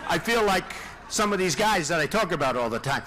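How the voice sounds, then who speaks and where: A presidential candidate giving a rambling, off-the-cuff rally speech, repeating himself and throwing asides to the crowd. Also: male voice, high voice, animated, a little fast, pushed and bright, slight background noise. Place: large indoor rally venue.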